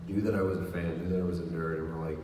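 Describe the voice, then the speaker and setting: A man's voice: sits low, level tone, rapid-fire, a little hiss or hum. A man, a voice actor, joking and telling a self-mocking story on a panel in a large convention hall. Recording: echoey hall, far mic, loud crowd.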